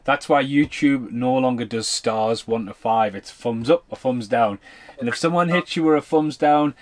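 Mid-pitched man co-host, loose rambling film commentary. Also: moderate pace. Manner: rambling, loose, swears casually. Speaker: podcast co-host. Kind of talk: casual film commentary chat.

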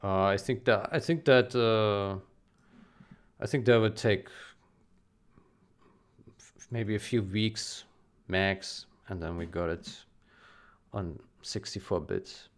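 A man who talks to his channel in a halting, casual way, repeating himself as he speaks about his work on a game. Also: on the low side. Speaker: game modding developer. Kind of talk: casual emotional vlog recording.

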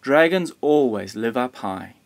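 A man voicing a blustery, hard-of-hearing old grandfather in a children's storybook, making loud, booming declarations. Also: lively intonation, measured pace, creaky.

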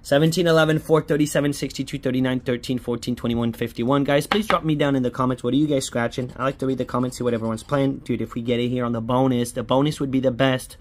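A man's voice: mid-range voice, steady tone, fast, hardly any pauses. A man giving casual running commentary as he scratches lottery tickets, chatty and hopeful, pleading with each ticket to hit.

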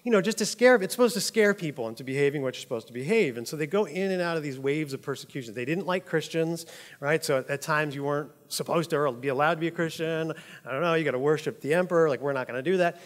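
A man's voice: a little high, fast, long reverb tail. A man giving a casual, conversational sermon as pastor, laughing often and asking "right?". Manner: chatty, laughs often, says "like" and "right?" a lot.

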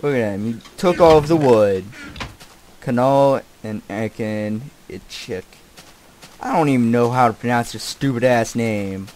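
A young man giving casual, distracted commentary while he plays a game. He swears often and keeps yelling at the animals and characters on screen. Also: medium pitch, a little slow, a little hiss or hum. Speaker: gameplay commentator.

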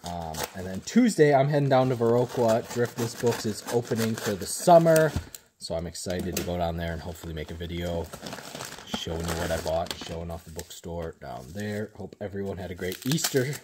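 A man selling books, casually showing off his newest purchases on video in a relaxed, unhurried way with frequent ums. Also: low voice, background noise.

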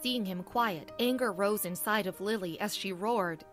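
A woman reading narration for a romance audiobook in a steady storytelling manner. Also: medium pitch, normal speed, few pauses, soft background music.

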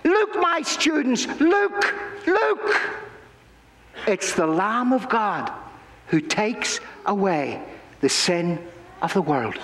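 Urgent ancient male prophet calling out, a pastor putting him on, pitched high, long hall reverb. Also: animated, slow pace, fairly bright tone, slight background noise, heavily acted. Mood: urgent proclaiming. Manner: urgent, proclaiming, rising with each call. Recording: echoey church hall.

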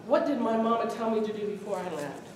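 A woman's voice: medium pitch, lively intonation, quick pace, darkish tone, a little hiss or hum, natural voice. A woman storyteller voicing Jack, a naive and obedient young farmhand, heard from far off in an echoey hall. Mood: earnest. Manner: earnest, puzzled.

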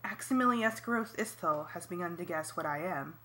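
A woman reading as the Ellimist, a calm ancient being. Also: fairly low pitch, fairly quick. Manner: calm, formal and reassuring. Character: ancient glowing male alien being, calm and commanding. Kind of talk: fan audiobook reading.

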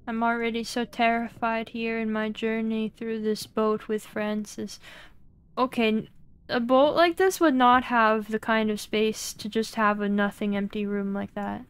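A woman's voice: a little high, flat delivery, a little slow, smooth. A young woman streaming a horror game, chatting playfully and breaking into mock-dramatic outbursts.

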